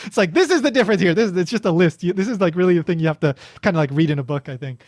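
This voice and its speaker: A man's voice: sits high, animated, very fast, darkish tone, no echo, clean studio sound. A man hosting a podcast, chatting casually and explaining things with lots of restarts and fillers. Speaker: podcast host.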